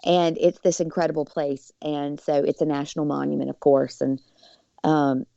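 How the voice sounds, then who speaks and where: Low gravelly woman telling a story. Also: normal speed, dry recording, muffled recording. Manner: lively, acts out quoted voices; many fillers. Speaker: podcast guest. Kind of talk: personal storytelling.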